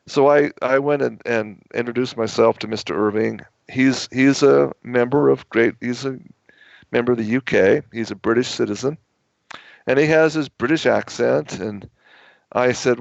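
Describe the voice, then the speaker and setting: An author appearing as a guest on a radio talk show tells long, emphatic stories, rambling ahead with plenty of push. His mid-range voice is gravelly with vocal fry, at a moderate pace. The dry, slightly dull, lo-fi sound resembles an older broadcast feed.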